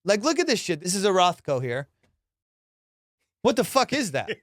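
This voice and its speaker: A man hosting a comedy podcast, ranting in a casual, profane, animated way and slipping into mock voices. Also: high-pitched, normal speed, no room sound, studio quality. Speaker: podcast host.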